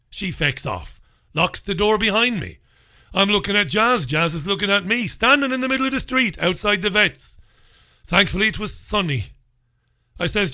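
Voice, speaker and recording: A man's voice: high-pitched, animated, normal speed, bright, forceful tone. A man telling a profane, sardonic comic anecdote in a vlog. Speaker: vlogger. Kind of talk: comic storytelling monologue.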